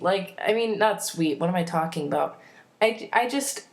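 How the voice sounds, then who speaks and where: A woman's voice: fairly low pitch, animated, normal speed, vocal fry. A woman rambling enthusiastically in a casual fan vlog, full of fillers and self-corrections. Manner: enthusiastic, opinionated. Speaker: vlogger.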